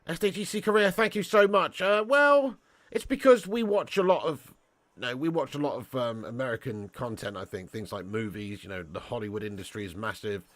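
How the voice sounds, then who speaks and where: A British man hosts a live football watch-along, chatting casually and reading out comments from viewers. His mid-range voice is fairly quick and fairly bright, and he laughs often and calls viewers "mate" and "lad."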